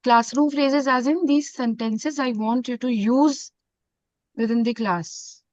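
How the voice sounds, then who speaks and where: A woman with an Indian accent teaching a French class, mixing in Hindi and repeating phrases slowly. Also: a little high, darkish tone, no room sound. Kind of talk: online classroom lesson. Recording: dull, dry lo-fi sound.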